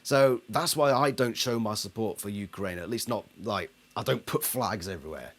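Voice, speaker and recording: A man with a fairly low voice rants about a band at normal speed in a video monologue. As an album reviewer, he sounds sarcastic and indignant, mocking others through put-on voices.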